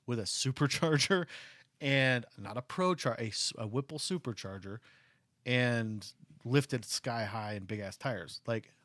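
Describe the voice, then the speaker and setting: A man's voice: mid-range voice, measured pace, dry recording. Male co-host, casual storyteller, filler-heavy, dry close sound. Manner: animated storytelling with many "like" fillers. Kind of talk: casual chat.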